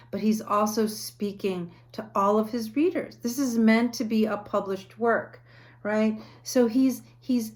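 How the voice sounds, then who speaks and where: A woman lecturing on a book in a conversational way, often checking in with "right?" and reading passages aloud. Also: medium pitch. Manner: reads quoted passages aloud. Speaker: university lecturer. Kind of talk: recorded lecture.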